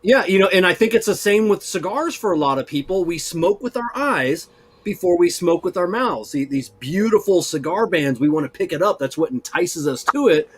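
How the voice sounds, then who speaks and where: An eager man talks as a guest cigar reviewer in a casual chat. His voice is husky and a bit high, and he often repeats words as he restarts his sentences. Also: lively intonation, moderate pace. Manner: enthusiastic, repeats himself with restarts.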